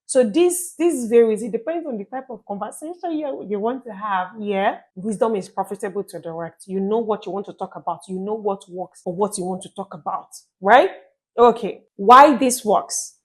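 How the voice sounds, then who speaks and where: A woman giving relationship tips in a casual vlog, chatty and lively, often checking in with the listener. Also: mid-range voice, normal speed, breathy edge. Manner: chatty, asks listeners "you get my point?"; acts out little scenes with playful quoted voices. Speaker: relationship advice vlogger.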